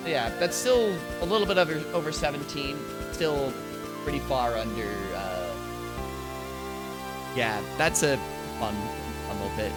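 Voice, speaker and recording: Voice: mid-range voice, animated, a little slow. A streamer chatting casually during a speedrun, swearing now and then and breaking into joking song. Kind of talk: casual chat while speedrunning. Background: game music.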